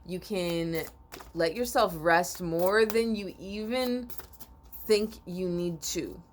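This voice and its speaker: A woman giving a spiritual oracle card reading to viewers, sleepy and yawning, rambling with repeats and restarts and often clearing her throat. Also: lowish voice, takes it slowly, slight background noise.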